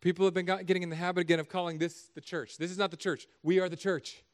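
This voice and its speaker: Animated, higher-voiced male pastor preaching. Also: quick pace. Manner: animated, conversational, joking. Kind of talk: sermon.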